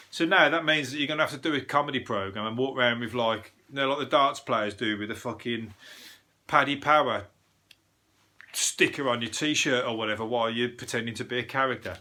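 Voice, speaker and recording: A man's voice: medium pitch, pushed and bright. A middle-aged man with a Birmingham accent, a comedian and podcast host rambling through the news in a casual solo chat, swearing freely and laughing at his own jokes.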